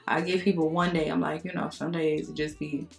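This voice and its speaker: A young adult woman chatting frankly to her viewers, telling animated stories and cussing casually. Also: deep voice, brisk, vocal fry, faint music behind. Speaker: beauty vlogger. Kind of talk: casual chat to camera.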